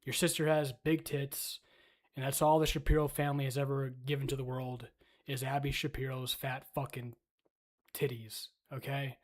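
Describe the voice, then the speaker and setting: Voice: mid-range voice, level tone, normal speed. A streamer ranting crudely and heatedly in a casual livestream, full of swearing.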